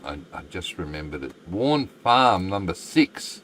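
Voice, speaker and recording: Australian male streamer, deep voice, chatty rambler, noisy home setup. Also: sing-song, a little slow, fairly bright tone. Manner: rambling, chatty, self-deprecating. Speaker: game streamer. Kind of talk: casual live-stream chat.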